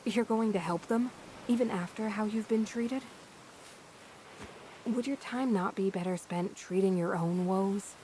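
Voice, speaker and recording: An actress voicing a cool, dry-witted female companion in a video game, measured and wry. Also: medium pitch, dark tone, slight background noise, close to an everyday voice, poor audio.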